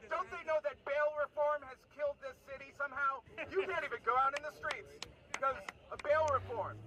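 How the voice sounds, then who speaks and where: Male comedian, high voice, mock-earnest deadpan, outdoor protest crowd behind. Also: moderate pace. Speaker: professional comedian. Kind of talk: satirical street trolling.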